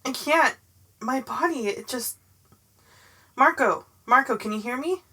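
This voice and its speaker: A woman's voice: high voice, animated, measured pace, bright, forceful tone, husky, pitched above the performer's own voice, heavily acted. A woman voicing a desperate teenage girl under mind control, who pleads and breaks off mid-sentence. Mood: panicked.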